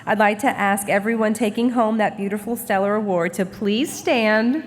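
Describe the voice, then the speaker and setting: A woman's voice: mid-range voice, normal speed. Upbeat woman emceeing in a big hall. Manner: upbeat, chatty and playful with the crowd. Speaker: awards ceremony emcee. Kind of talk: hosting a live awards event. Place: large banquet hall before a live audience. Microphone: handheld stage microphone. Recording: long hall reverb through a PA.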